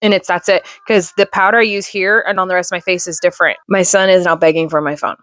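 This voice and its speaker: A woman's voice: lowish voice, fairly even intonation, fast, a bit bright, dry recording, studio quality. A young adult woman chatting casually in a rambling vlog about her kids and reading, with many fillers. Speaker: mom vlogger.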